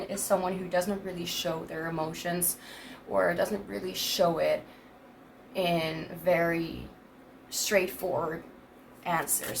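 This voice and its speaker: A young woman in her twenties talks through a casual tarot reading in a low, gravelly voice. She rambles and hesitates, restarting sentences and laughing between thoughts. A clear noise sits behind her, with cards shuffling. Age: 20s. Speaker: tarot reader.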